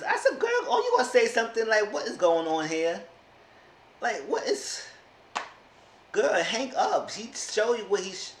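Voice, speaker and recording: A male TV show reviewer with a medium-pitched, slightly bright voice gives casual recap commentary on reality TV. He's sassy and exasperated, mimicking cast members, recorded in an echoey room with faint hiss.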